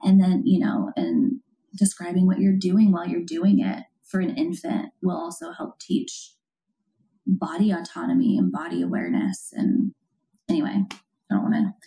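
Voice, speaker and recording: A woman's voice: on the low side, very animated, normal speed, vocal fry, mellow, rough recording. A woman hosting a parenting podcast, explaining ideas earnestly in casual conversation with plenty of fillers. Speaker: parent coach, podcast host.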